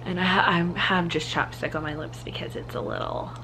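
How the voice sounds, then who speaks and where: A woman's voice: on the low side, huge pitch swings, brisk, vocal fry, noisy background. A young woman chatting casually to her camera at home in a rambling way, full of "like"s, out of breath at times. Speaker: vlogger. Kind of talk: casual vlog chat. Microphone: handheld camera.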